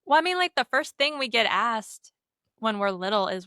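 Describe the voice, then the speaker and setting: A woman's voice: on the high side, sing-song, normal speed, bright, forceful tone, no room sound, clean studio sound. A young woman co-hosting a podcast, chatting casually in a bubbly way with lots of "like" and "um". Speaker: podcast co-host. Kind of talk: casual chat.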